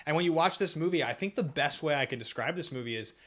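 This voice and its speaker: A man's voice: on the high side, animated, quick pace, fairly bright tone. A man co-hosting a casual movie podcast, retelling scenes in a wry, dry way and slipping into quoted impressions. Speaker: podcast co-host. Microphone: podcast mic.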